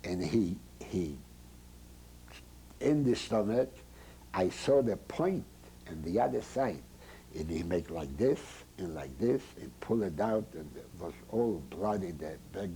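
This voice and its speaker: An older man giving oral history testimony in halting, broken English that slips into German phrases. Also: low voice, lively intonation, warm tone, slight background noise, poor audio. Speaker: Holocaust survivor giving testimony.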